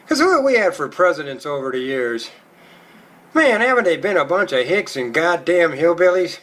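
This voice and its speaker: Foul-mouthed stand-up guy doing his set, bright sharp voice, rowdy and crude. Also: a little high, big pitch swings, moderate pace. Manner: crude, profane, rowdy storytelling. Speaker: stand-up comedian. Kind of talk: stand-up comedy routine.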